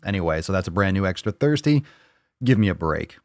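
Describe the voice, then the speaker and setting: This fitness show host runs a live Q&A stream from his home over a video call, delivering a profane, blunt, worked-up rant. He talks briskly with a low voice and lively intonation, recorded at studio quality with no echo.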